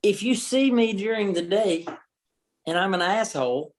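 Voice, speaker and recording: Southern guy from georgia chatting on a podcast, kinda high voice, blunt and lively. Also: normal speed. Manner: candid, animated storyteller. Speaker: actor, podcast guest. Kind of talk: casual podcast interview.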